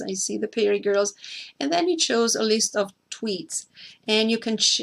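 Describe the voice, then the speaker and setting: A woman's voice: medium pitch, gravelly. A woman hosting a screen-share tutorial, explaining each step carefully, repeating key points and now and then speaking to a co-host by name.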